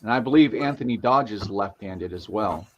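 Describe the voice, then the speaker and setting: A man's voice: lowish voice, moderate pace, a little hiss or hum. A middle-aged man hosting a livestream, reading viewer comments and telling casual stories in a chatty way. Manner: chatty anecdotal storyteller. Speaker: livestream host. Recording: lo-fi livestream audio.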